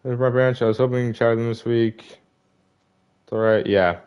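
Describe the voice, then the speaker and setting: A man's voice: mid-range voice, steady tone, normal speed, clean tone, dull audio. A young man giving casual gameplay commentary, frustrated and disappointed as he rambles through season stats. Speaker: gaming video creator.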